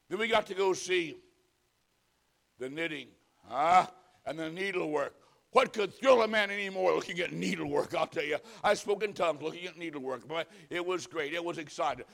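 A man preaching a sermon, telling folksy stories and swinging from loud punchlines to hushed pleading. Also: a little high, moderate pace, vocal fry. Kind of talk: humorous sermon.

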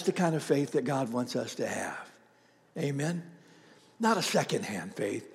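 A man preaching a sermon as pastor, telling a story conversationally with frequent fillers and pauses. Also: mid-range voice, sing-song, creaky, slightly rough, long reverb tail.

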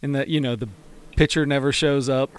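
A man in a casual sports chat, telling a story in an animated way and briefly putting on high voices to quote people. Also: a little fast, smooth, no room sound.

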